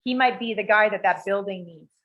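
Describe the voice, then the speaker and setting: A woman's voice: medium pitch, fairly quick, highs cut off, a little hiss or hum. A woman telling a story in casual chat, swearing freely and acting out the quoted lines of the people in it. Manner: profane, animated, acts out quoted dialogue. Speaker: podcast co-host. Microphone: video call.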